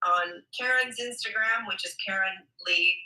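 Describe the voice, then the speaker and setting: Bright-voiced woman on an echoey call. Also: medium pitch, normal speed. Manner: friendly, promotional, signs off warmly. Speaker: co-host promoting a retreat. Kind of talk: casual livestream chat.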